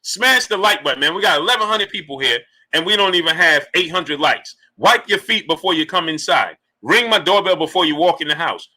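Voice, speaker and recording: A man hosts a live boxing stream, greeting chatters by name and pressing his argument with emphatic, repeated questions. His voice is very bright and keen, pitched a little higher than most men's, and his delivery is lively. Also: fairly quick, hardly any pauses. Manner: animated, repetitive, emphatic rhetorical questions. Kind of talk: live-stream commentary reading super chats.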